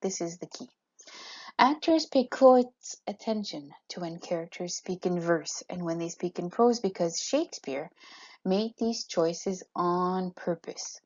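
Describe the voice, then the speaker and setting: Husky woman teaching a lesson. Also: fairly low pitch, measured pace, a little mellow, muffled recording. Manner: clear explanatory teaching, reads examples aloud rhythmically. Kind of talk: recorded classroom lesson.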